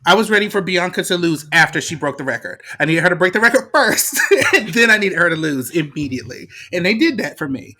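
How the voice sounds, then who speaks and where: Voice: mid-range voice, expressive, fast, hardly any pauses, pushed and bright. A podcast co-host giving blunt, joking opinions in casual chat.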